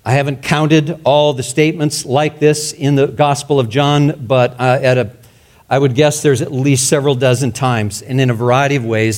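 A male pastor preaching a sermon emphatically, his voice rising loud and dropping to a hush. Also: mid-range voice, steady tone, moderate pace. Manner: emphatic, swinging between loud and hushed.

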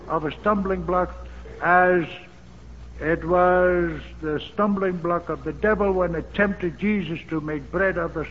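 Slow, fervent preacher man in an echoing hall. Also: on the high side. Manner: emphatic and repetitive, with fervent exclamations. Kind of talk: sermon. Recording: dull old sermon tape in a reverberant hall with faint hiss.

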